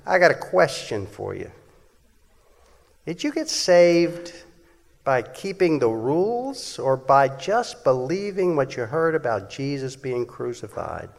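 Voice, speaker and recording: Blunt mafia tough guy, put on by a man in an echoey hall, slow delivery. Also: medium pitch, big pitch swings, gravelly, exaggerated voice. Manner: blunt, streetwise.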